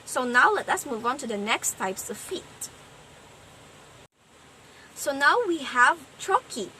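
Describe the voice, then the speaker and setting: A woman giving a class presentation, explaining things slowly and sounding out rhythms. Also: sits high, animated, pushed and bright, slight background noise, poor audio. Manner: slow, explanatory, sounds out stress patterns. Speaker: student presenter.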